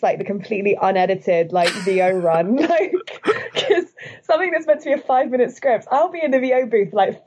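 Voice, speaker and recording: A woman chatting casually as a podcast guest, her sentences tending to lift upward at the end. She talks in a relaxed, candid way, often using filler words. The audio is a little dull and lo-fi. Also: fairly high pitch. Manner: upward inflection, frequent likes and laughs. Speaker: guest, video host.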